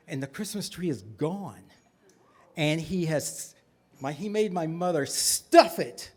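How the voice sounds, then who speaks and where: Lively, high-voiced male storyteller. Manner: animated, comic, exaggerated. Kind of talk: live stage storytelling.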